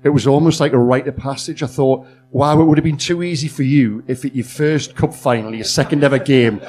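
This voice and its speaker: A man on a live podcast panel, talking in a relaxed, chatty way and laughing easily. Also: medium pitch, brisk. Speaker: football journalist on a podcast panel. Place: comedy club stage before a live audience.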